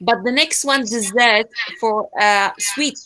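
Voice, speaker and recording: Woman teacher, bright voice, bit high, lots of uh and like. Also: slow pace, rough recording. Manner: hesitant, many fillers, switches into Arabic to explain. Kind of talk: online pronunciation lesson.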